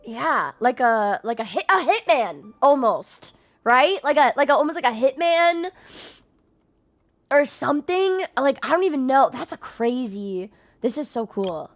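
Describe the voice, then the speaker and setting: Casting brief: bubbly high-voiced streamer in her twenties, excitable and gushing, easygoing tempo, faint music behind. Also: unhurried. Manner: excitable, gushing, full of fillers and swearing. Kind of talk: excited game playthrough reaction.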